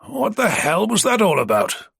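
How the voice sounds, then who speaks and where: A man's voice: high-pitched, wildly swooping pitch, normal speed, creaky, fairly bright tone, breathy edge, dry recording, studio quality, voice pushed up, full character voice. A man voicing a blunt, wry male friend.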